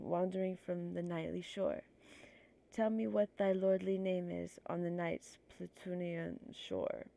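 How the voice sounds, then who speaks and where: A woman's voice: mid-range voice, gravelly, mellow. A woman streamer with a stuffy nose reading poetry aloud on a livestream, nervous and self-conscious, apologizing for her slips.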